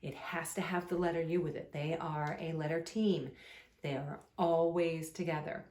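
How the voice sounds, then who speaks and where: A woman teacher giving a slow, sing-song phonics lesson to young children, drawing words out patiently. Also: low voice, fairly even intonation, darkish tone, reverberant.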